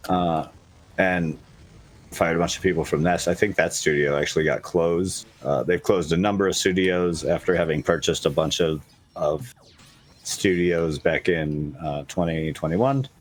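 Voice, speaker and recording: Male podcast co-host, very low voice, halting casual delivery. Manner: halting, many filler "uh"s, blunt jokes. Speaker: podcast co-host reading gaming news. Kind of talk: casual chat.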